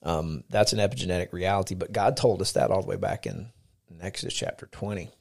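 Gravelly man, lowish voice, earnest podcast co-host teaching faith with lots of fillers. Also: fast talker. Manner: earnest, lively, frequent fillers. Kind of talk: casual chat and faith teaching.

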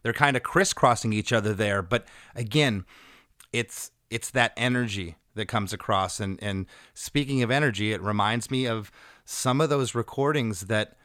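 A man's voice: fairly low pitch, normal speed, fairly bright tone, no echo, studio quality. A man hosting a casual music chat, enthusiastically breaking down a song and quoting its lyrics in playful voices. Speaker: podcast host.

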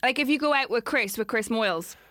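Irish woman, chatty anecdotes, high bright voice, dry close sound. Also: lively intonation, a little fast, no echo. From Ireland. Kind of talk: casual chat.

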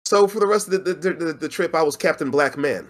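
A man co-hosting a casual podcast, telling a funny story with slangy, animated delivery and frequent laughs. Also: on the high side, brisk. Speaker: podcast co-host. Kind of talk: casual chat.

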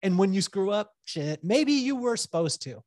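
A man in his forties, a podcast guest, telling lively personal stories in casual chat and laughing as he goes. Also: high voice, moderate pace, no room sound, clean studio sound. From Southern California. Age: 40s. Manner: animated, laughs through stories, mimics voices in quotes.

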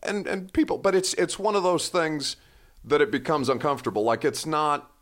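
A man's voice: fairly high pitch, normal speed, a bit bright. Chatty male podcast host. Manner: chatty, self-deprecating, rambling asides. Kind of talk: casual chat.

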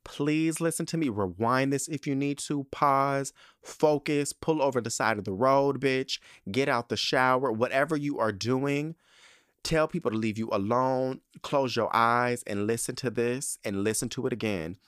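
A young man hosting a podcast, telling a story in a sassy, animated way with lots of emphatic repetition. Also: mid-range voice, a little slow, clear, resonant tone, no room sound, studio quality. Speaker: podcast host. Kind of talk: casual podcast monologue.

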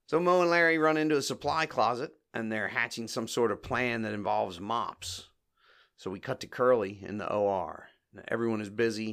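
Casting: male podcast host, lowish gravelly voice, chatty recap style, acts out quotes. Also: a bit bright. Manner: chatty, acts out quoted lines, laughs often. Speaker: podcast host reviewing comedy shorts. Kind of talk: casual recap commentary.

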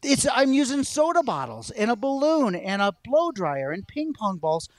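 A man telling a personal story as a guest on a talk show, an animated storyteller. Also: extremely high pitch, normal speed, dry recording. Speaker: guest, science educator. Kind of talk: storytelling in a conversation.

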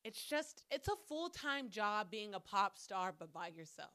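A woman's voice: mid-range voice, expressive, a little slow, sharp tone, clear, resonant tone. A woman hosting her own podcast alone, talking bluntly with plenty of swearing as she vents. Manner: blunt, profane, venting. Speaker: podcast host. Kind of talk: solo podcast chat. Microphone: camera mic.

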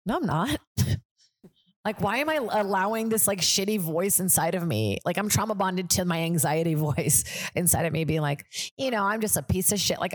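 A woman's voice: on the low side, no room sound. A woman comedian hosting a casual podcast chat, rambling with lots of fillers, swearing and laughing often.

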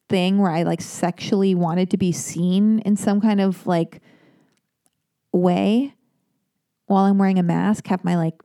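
A woman hosts a casual advice chat and rambles through personal tangents in a candid, self-mocking way. Her voice is mellow and relaxed, with casual swearing. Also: mid-range voice, vocal fry. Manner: candid, self-deprecating, digressive, swears freely. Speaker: podcast host answering listener letters.

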